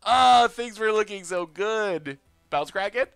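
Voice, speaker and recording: A young man casually commenting on his card game stream, chatty and excitable, reading out chat messages. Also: sits high, slow, vocal fry, clear, resonant tone, no room sound.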